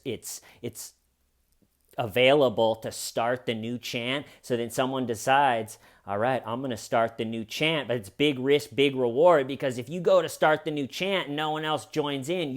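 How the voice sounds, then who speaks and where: A man's voice: mid-range voice, clear, resonant tone. Sarcastic man telling a comic story. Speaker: commentator. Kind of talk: comedic true crime commentary.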